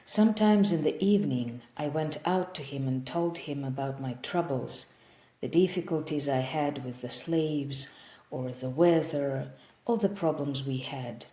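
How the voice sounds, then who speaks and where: A woman voicing a sad, gentle male vampire, centuries old, who speaks in a soft, measured, wistful way. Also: low voice. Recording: roomy echo.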